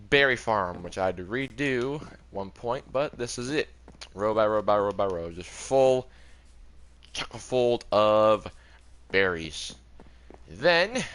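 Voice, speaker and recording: Here a young man who makes gaming videos chats his way around his game world, rambling and frequently self-correcting. His pitch is fairly low, with a slightly bright tone.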